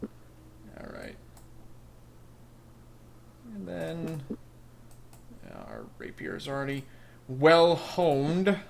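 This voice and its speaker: A man's voice: a little high, wildly swooping pitch, extremely slow, gravelly, long pauses, background noise. A man hosting a let's play, reading game text and making rambling, wry, joking asides in sarcastic commentary. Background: faint game music.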